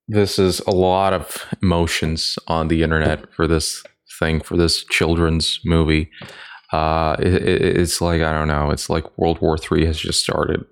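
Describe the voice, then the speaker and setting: A man co-hosting a casual chat, animated and jokey, rambling and putting on mock voices. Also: sits low, gravelly. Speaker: podcast co-host.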